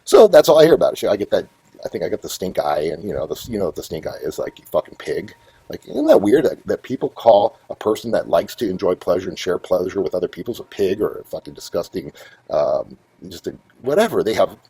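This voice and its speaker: A middle-aged man spins a rambling, swear-heavy story, his low voice swooping up and down as he gets worked up. The tone is dark and husky. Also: quick pace, no room sound, rough recording. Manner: profane, rambling, animated storyteller. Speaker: host. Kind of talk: casual storytelling monologue.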